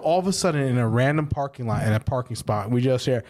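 A man co-hosting a podcast, telling a party story in casual chat, animated and profane, acting out the voices of the people in it. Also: mid-range voice, fast talker, few pauses, slight background noise. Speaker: podcast co-host.

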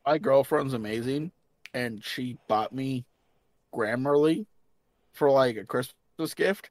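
A man's voice: medium pitch, slow pace, a little mellow, no room sound. A man with a slight Southern US accent, chatting casually on a stream and rambling, with restarts and casual swearing. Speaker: stream guest. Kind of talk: casual chat.

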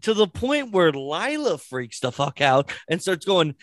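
A man's voice: on the high side, very animated, unhurried, slight background noise. A man chatting casually and telling a story with plenty of swearing. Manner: storytelling with profanity. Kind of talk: casual chat.

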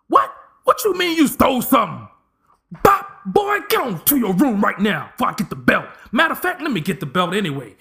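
A man voicing a stern middle-aged sitcom father who scolds his son loudly. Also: high voice, huge pitch swings, a little fast, creaky, husky, faint music behind, pitched above the performer's own voice, heavily acted. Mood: scolding. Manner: loud, scolding, threatening.

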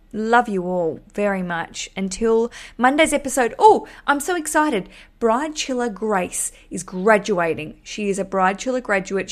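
Young woman, podcast host; casual, frank, playful, swears lightly. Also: medium pitch. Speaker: podcast host giving wedding advice.

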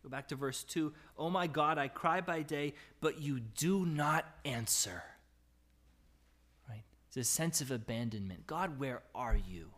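A man's voice: measured pace, a bit bright. Man preaching a conversational sermon. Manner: reads scripture aloud and rises in pitch and volume when voicing anguished cries; conversational preaching with frequent "right?" and restarts. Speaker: pastor.

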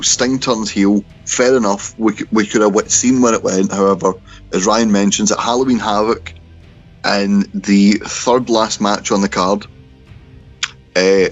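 A man, co-hosting a casual podcast chat and going through old events at an easy pace. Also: on the low side. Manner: laid-back, chatty, swears. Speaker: podcast co-host. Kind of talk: casual chat about wrestling history. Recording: slightly dull lo-fi audio.

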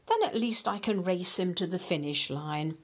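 A woman's voice: on the low side, animated, normal speed, husky. A woman voicing a boastful, lazy young male hare, in a storybook reading. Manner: cocky, then panicky and breathless.

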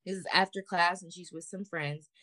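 A low-voiced woman co-hosting a podcast tells a story in an animated, slangy way, swearing freely and speaking casually at a normal pace. The recording is dry, her voice close with no room sound around it.

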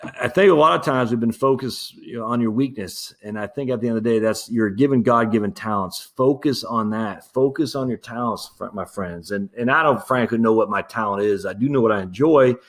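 Low-voiced man rambling on his podcast. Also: a little fast, few pauses. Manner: rambling and candid, with many fillers and restarts, calling listeners "my friends"; laughs easily while talking. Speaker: podcast host. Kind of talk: casual solo commentary.

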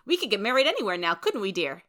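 A woman voicing a lively, warm-hearted young woman in a storybook reading, with an eager, lifted tone. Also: medium pitch, fast talker.

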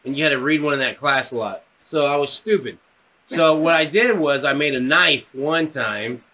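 A man's voice: fairly high pitch, normal speed, bright, forceful tone. A man in his thirties, co-hosting a podcast, telling a rowdy story and acting out the voices in it, swearing freely. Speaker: podcast co-host. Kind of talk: casual storytelling chat.

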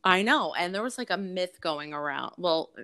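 A woman in her forties tells personal stories as an interview guest. Her voice sits a little low, and she talks openly and profanely, with plenty of fillers and laughs. The sound is close and dry, with no room echo. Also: lively intonation, moderate pace, a bit bright. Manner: candid, frank and profane, with frequent laughs and fillers. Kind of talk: casual interview storytelling.

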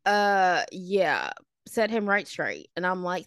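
A woman in her late thirties, a podcast co-host telling high school stories in a snarky, animated way. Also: slow pace, dry recording, studio quality. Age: late 30s. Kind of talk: casual storytelling chat.

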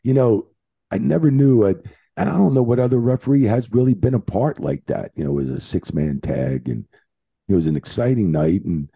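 A man from New Jersey, a retired wrestling referee, telling animated stories in casual chat and swearing freely. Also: fairly low pitch, fairly quick, gravelly, husky, dry recording, studio quality. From New Jersey, USA. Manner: animated storyteller, swears freely, acts out quotes.

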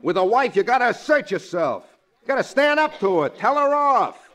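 A man's voice: very high voice, very animated, normal speed, a bit bright, exaggerated voice. A man playing a brash, slangy, wisecracking male pal and secretary in a 1940s radio sitcom. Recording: old radio broadcast with studio audience.

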